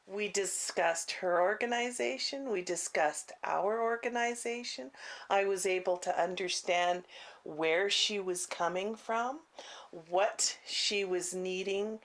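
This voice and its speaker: A woman vlogger telling a personal story in a casual, halting way, full of restarts and "you know", on a clip-on mic. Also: mid-range voice. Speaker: faith vlogger. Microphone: clip-on mic she keeps bumping.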